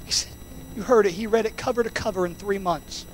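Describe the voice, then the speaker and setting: A man preaching a sermon in a church, building to impassioned shouted peaks and then dropping to a quiet, intimate tone. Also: high voice, a little fast, slight background noise, rough recording. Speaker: pastor.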